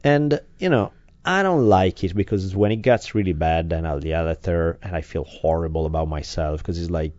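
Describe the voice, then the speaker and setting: Podcast co-host, deep man, dry close sound, slightly dull lo-fi, candid casual talker who swears. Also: moderate pace, a little mellow, no echo. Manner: candid, self-deprecating, swears freely. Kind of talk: casual chat.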